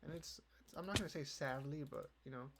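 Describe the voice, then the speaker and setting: This young man's voice is a little high, brisk and gravelly as he hosts a casual podcast. Rambling and swearing, he drops "you know" into nearly every line, with keyboard clicking and noise in the background.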